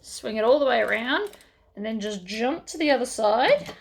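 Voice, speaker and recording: A woman's voice: fairly high pitch, animated, normal speed, gravelly, slight background noise. A woman hosting a sewing tutorial, chatting casually as she works through each step.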